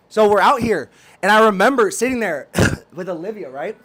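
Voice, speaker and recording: Hyped, preachy man pitching to listeners. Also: lively intonation, normal speed, fairly bright tone, slight background noise. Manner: hyped, preachy, repeats phrases; slangy, talks to a cohost by name. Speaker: podcast host. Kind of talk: casual chat and promotion.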